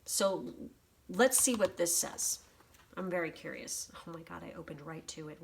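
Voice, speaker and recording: A woman's voice: fairly low pitch, normal speed, creaky. A woman doing a casual tarot reading on her channel, reading aloud from a guidebook and reacting freely with swearing and emotion. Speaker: tarot reader. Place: home office.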